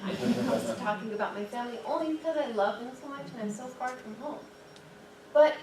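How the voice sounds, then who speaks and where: A young woman giving a chatty, animated storytelling talk at a dinner event, full of "like"s and restarts. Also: on the high side. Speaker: guest speaker and storyteller. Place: dinner event room, indoors. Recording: echoey room, distant mic, background noise.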